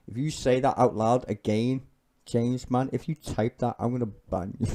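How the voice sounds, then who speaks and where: A man's voice: medium pitch, fairly even intonation, moderate pace, dark tone. A man giving sweary, ranting political commentary on a live stream, sardonic and blunt.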